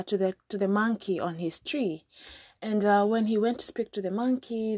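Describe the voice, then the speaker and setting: A woman's voice: medium pitch, darkish tone, dry recording, clean studio sound. A woman from Kenya hosting a podcast, chatty and casual as she retells a folk story with lots of fillers. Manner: chatty, frequent fillers and restarts. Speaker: podcast host.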